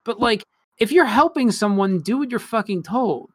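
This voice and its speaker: A man's voice: high voice, expressive, no echo, clean studio sound. A man casually recapping an anime episode as a podcast co-host, rambling and swearing freely. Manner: rambling, profane, quick laughs.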